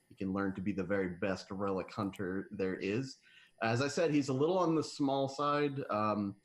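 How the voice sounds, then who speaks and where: A man describing his tabletop game character, halting often with fillers. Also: lowish voice. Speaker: player.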